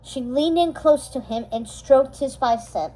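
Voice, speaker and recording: A woman reading a storybook chapter aloud, steady and expressive, slowing down for dramatic moments. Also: high voice, low-quality recording. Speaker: storybook reader. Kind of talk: storybook read-aloud narration.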